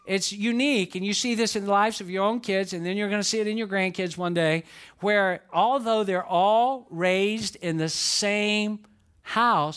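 An older male pastor with a notably high voice. He preaches a story-filled sermon and keeps checking in with his listeners through direct questions. He often repeats his key lines for emphasis. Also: a bit bright. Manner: repetitive, questions the congregation, storytelling.

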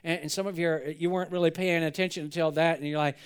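Man, pastor, sermon in church, earnest, repeats words, high resonant voice. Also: steady tone, fast talker, clear, resonant tone. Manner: earnest, repeats words and restarts when stressing a point.

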